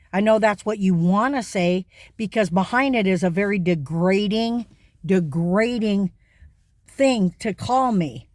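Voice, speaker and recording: A woman's voice: medium pitch, a little mellow, no room sound, clean studio sound. A woman ranting to camera in an indignant, emphatic way, repeating words for stress. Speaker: vlogger. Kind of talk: direct-to-camera rant.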